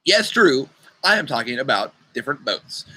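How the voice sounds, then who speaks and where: A man's voice: mid-range voice, sing-song, moderate pace, sharp tone, slightly rough, rough recording. A young man leading an online youth group, chatting casually and playfully while he runs a riddle game over a video call. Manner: chatty, playful, talks to kids by name. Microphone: computer mic on a video call.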